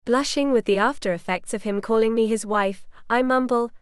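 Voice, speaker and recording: A woman narrating a romance audiobook in the first person, with light, steady storytelling. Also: a little high, moderate pace, clean tone, no echo, clean studio sound.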